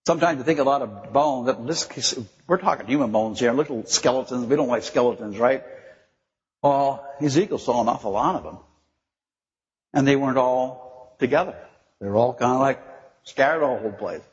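A man's voice: medium pitch, moderate pace, husky. An older man giving a chatty, informal sermon, acting out voices in the stories and laughing often. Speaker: preacher. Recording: dull recording with long hall reverb.

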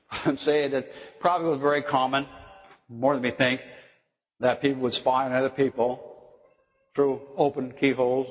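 A man preaching a sermon, slow and emphatic, often putting questions to his listeners. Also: medium pitch. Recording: dull lo-fi recording in a reverberant hall.

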